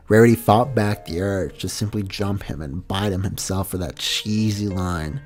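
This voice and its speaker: A man's voice: fairly low pitch, moderate pace, a little mellow, faint music behind. A man streaming a reading of fan fiction, casual, laughing at his own mix-ups and swearing now and then.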